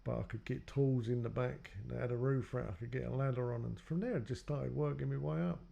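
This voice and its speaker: A man's voice: mid-range voice, fairly even intonation, a little fast, vocal fry, dark tone, highs cut off. A man telling his own life story in a loose, rambling way, acting out what others said to him. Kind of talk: personal storytelling.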